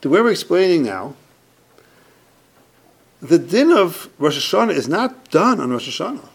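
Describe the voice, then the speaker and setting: Lively, gravelly man teaching a Torah class. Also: on the high side, moderate pace. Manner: emphatic, repeats points, asks and answers his own questions.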